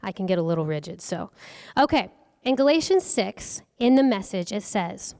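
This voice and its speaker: A woman's voice: medium pitch, lively intonation, moderate pace, gravelly, warm tone. A young adult woman giving an earnest, conversational workshop talk on faith and acting, often asking her audience questions. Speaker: workshop speaker. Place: event hall. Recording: long hall reverb.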